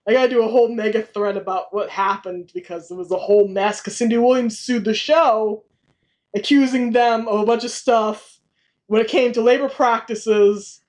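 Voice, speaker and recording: A woman hosting a casual podcast, talking quickly and laughing often as she piles on background trivia. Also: fairly high pitch. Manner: animated, laughs often, info-heavy. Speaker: podcast host.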